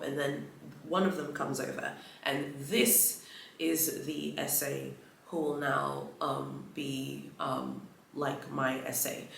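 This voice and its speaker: A woman's voice: very deep voice, flat delivery, a little slow, creaky, slight background noise. A woman vlogger telling a story in a chatty, rambling way, full of fillers and restarts. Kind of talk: casual storytelling vlog. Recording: roomy echo.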